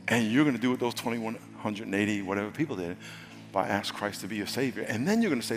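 A male pastor delivering a sermon and altar call in an easy, conversational manner, often restarting and repeating words. His voice rings in a church hall with long reverb. Quiet music plays underneath. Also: on the low side, expressive, fast talker. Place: church sanctuary.

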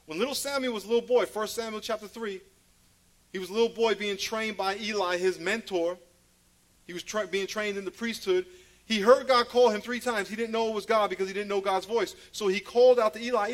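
A man preaching a sermon, telling playful stories, laughing at his own jokes and swinging from loud calls to a hush. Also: high voice, brisk.

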